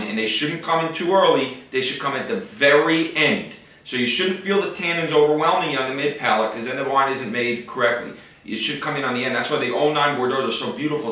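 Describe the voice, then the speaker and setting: A man's voice: medium pitch, bright, forceful tone, far from the mic. Chatty man explaining wine, echoey room. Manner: enthusiastic, chatty, filler-heavy. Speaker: wine host. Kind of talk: casual wine-tasting tutorial. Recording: roomy echo, off-mic.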